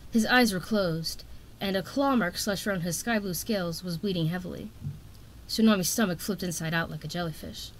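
A woman reading a fantasy novel aloud. Her narration is steady and expressive, at an average pitch for a woman. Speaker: audiobook reader.

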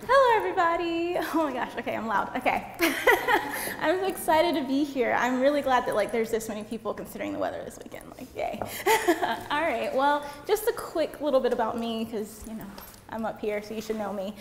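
A young woman giving a seminar talk, fast and chatty, laughing often, through a mic in a conference hall. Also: on the high side, animated. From United States. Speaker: seminar presenter. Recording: echoey hall with faint noise.

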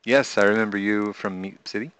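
A man hosting a relaxed live stream, reading viewers' messages out loud and answering them with playful humor. His voice sits on the low side, and he talks slowly and unhurriedly. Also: smooth. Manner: reads viewer chat aloud and answers playfully, often laughing. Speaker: live streamer and game creator. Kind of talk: casual live stream chat.

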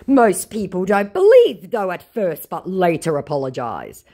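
A woman's voice: fairly low pitch, wildly swooping pitch, measured pace, mellow, pitched above the performer's own voice, exaggerated voice. Woman reading as an indignant male scammer. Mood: defensive. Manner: indignant, wheedling replies read aloud. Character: pushy male online scammer, defensive and evasive.

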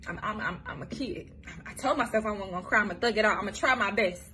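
A woman's voice: medium pitch, bright, forceful tone, a little hiss or hum. A young woman from Michigan, telling her own life story to the camera in a blunt, profane way, often stopping and restarting. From Michigan, USA. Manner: candid, profane, halting with restarts. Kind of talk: personal testimony, casual storytelling.

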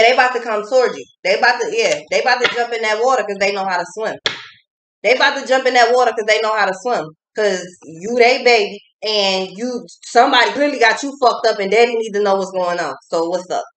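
A woman's voice: on the high side, fairly bright tone, slight background noise. A woman giving a casual tarot reading, talking bluntly with lots of swearing and repeating phrases for emphasis. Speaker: tarot reader. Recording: echoey room.

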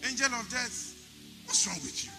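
A man's voice: extremely high pitch, animated, moderate pace, creaky, over music, pitched above the performer's own voice, full character voice. A man voicing a commanding male master who scolds sternly. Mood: scolding.

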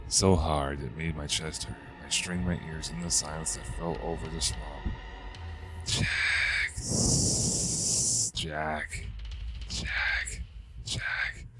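Telling a ghost story, a man speaks in an extremely low voice that stays flat across each line. His delivery is measured and even, though he occasionally catches himself and restarts a word, with a faint hiss of noise in the background.

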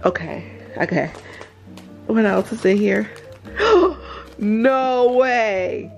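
A woman, gushing and gasping excitedly while unboxing gifts at home in a casual vlog. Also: mid-range voice, slow, gravelly, faint music behind. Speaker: vlogger.

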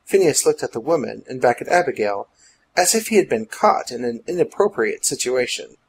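Male audiobook narrator, husky, animated rises and falls. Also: medium pitch, brisk, poor audio. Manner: dramatic, storytelling.

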